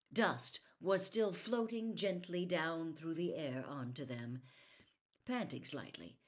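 Woman storybook reader, lowish voice, lively expressive delivery, soft on quiet passages. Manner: expressive, soft-spoken character reading. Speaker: audiobook reader. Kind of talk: storybook reading aloud.

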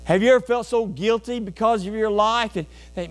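A man preaching a sermon as pastor in a church, emphatic, with sudden loud bursts and folksy storytelling asides. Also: high-pitched, fairly quick, hardly any pauses. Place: church sanctuary.

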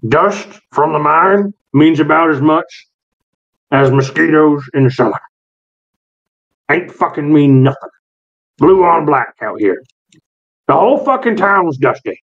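A man's voice: on the high side, expressive, measured pace, vocal fry, long pauses, full character voice. A man voicing a crude small-town miner who swears constantly and talks down to people. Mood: mocking. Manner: swaggering, profane, drawling. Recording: muffled lo-fi recording.

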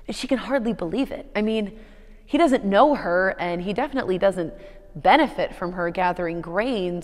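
A woman's voice: mid-range voice, in a large hall. A woman pastor preaching a sermon, telling a story in a conversational way with playful asides.

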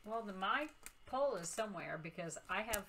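A woman's voice: medium pitch, expressive, normal speed, a bit bright, a little hiss or hum. Giggly, teasing woman co-host. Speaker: co-host, the host's wife. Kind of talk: casual chat.

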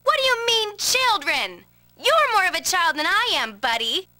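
A woman's voice: very high voice, big pitch swings, moderate pace, sharp tone, exaggerated voice. Umi: a haughty teen girl. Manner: haughty, snippy. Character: proud haughty teen girl, quick to bicker. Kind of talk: game cutscene dub.

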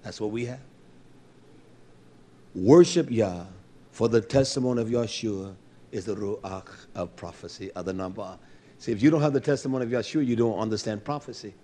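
A man's voice: on the low side, normal speed, dark tone. A male preacher delivering a fervent, blunt sermon, repeating his phrases and calling out to the congregation.

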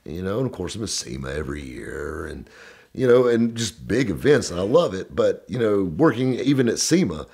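A man's voice: sits low, sing-song, moderate pace, vocal fry, a little mellow, breathy edge. A man telling a story casually, drawling and full of "you know" fillers. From American South. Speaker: storyteller guest.

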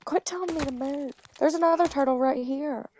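A woman in casual gaming chat who gets excited and calls out everything she spots. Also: high voice. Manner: excitable, quick to call things out.

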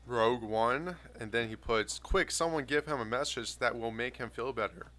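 A man's voice: medium pitch, moderate pace, pushed and bright. A man co-hosting a live stream, teasing his friends and reading viewer comments aloud. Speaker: co-host reading viewer chat. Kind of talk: casual banter on a live stream.

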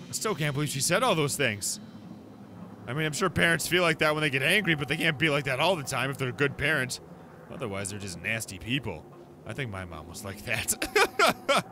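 A man giving excitable gameplay commentary on a horror game, with loud reactions and jokes. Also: mid-range voice, noisy background. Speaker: let's play host.

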